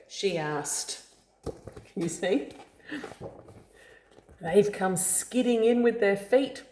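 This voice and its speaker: A woman reading a picture book aloud to a child, slow storytelling with friendly asides. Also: medium pitch, expressive, dark tone. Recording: echoey room.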